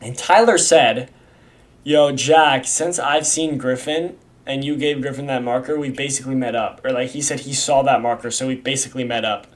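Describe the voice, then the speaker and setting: A man's voice: medium pitch, fairly even intonation, moderate pace. A young man in casual video commentary, rambling from one point to the next. His talk is slangy and full of swearing, with frequent restarts. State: has the hiccups. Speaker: YouTube creator explaining a community iceberg.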